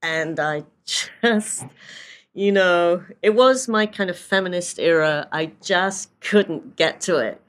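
A woman's voice: on the low side, slow pace. British lady in her 60s, chatty storyteller, lots of you-knows, easygoing interview talk. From England. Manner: chatty storyteller with many fillers and laughs. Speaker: photographer guest. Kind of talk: casual anecdotal interview.

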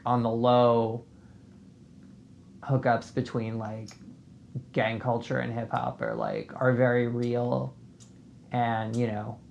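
Gravelly-voiced podcast host. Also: male voice, medium pitch, a little mellow, slight background noise. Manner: reads credits smoothly, then chats loosely with many fillers. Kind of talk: podcast outro and casual commentary.

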